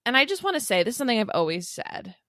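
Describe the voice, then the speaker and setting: A woman's voice: fairly high pitch, sing-song, very fast, fairly bright tone, no echo. Wry young woman podcast co-host. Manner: wry, teasing, dry asides. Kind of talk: casual chat.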